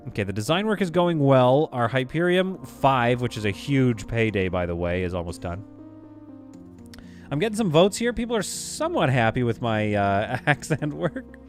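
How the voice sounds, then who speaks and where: A male streamer of middle pitch talks loosely and casually while building in a game, thinking out loud and answering chat. A faint bed of music runs under his voice. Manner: casual, chatty, reads chat aloud. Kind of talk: live gameplay commentary.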